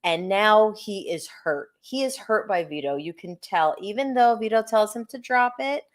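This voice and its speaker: A woman co-hosting a casual wrestling review chat, animated and laughing, poking fun at herself. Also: medium pitch, moderate pace. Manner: animated, laughing, self-deprecating. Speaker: podcast co-host.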